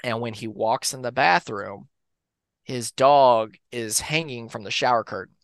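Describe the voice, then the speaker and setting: A man co-hosting a podcast, telling urban legends in a relaxed, rambling way with fillers and restarts. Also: medium pitch, a little slow, no echo. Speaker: podcast co-host. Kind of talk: casual storytelling of urban legends.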